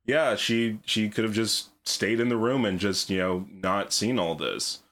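A man's voice: on the low side, steady tone, a little slow, a bit bright. A man talking casually and ramblingly in a book discussion podcast, swearing freely. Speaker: podcast co-host.

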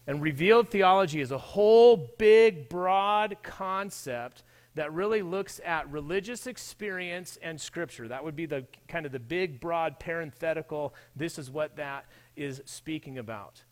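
A man's voice: fairly high pitch, unhurried. A man preaching a sermon in a church, talking in a conversational way and addressing his listeners directly. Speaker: pastor.

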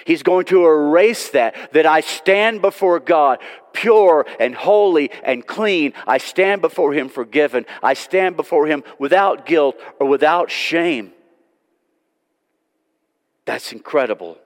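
A man's voice: fairly high pitch, animated, slow pace. Man, pastor giving a Sunday sermon, earnest pleading delivery, long church reverb. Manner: pleading, earnest, swings from loud to hushed. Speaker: preacher. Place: church sanctuary.

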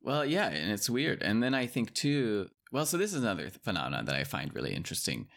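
Low-voiced man with a gravelly edge, thoughtful podcast co-host, casual and musing. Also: big pitch swings, fast talker, a bit bright. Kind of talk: casual conversation.

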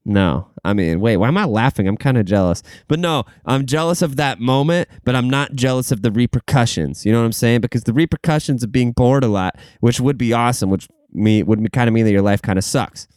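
A man's voice: medium pitch, brisk, hardly any pauses, a little mellow, clear, resonant tone, no room sound, clean studio sound. A young man hosting a podcast, rambling and swearing through casual stories, laughing at himself and saying he is tired. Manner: rambling, profane, laughs at his own stories. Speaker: podcast host.

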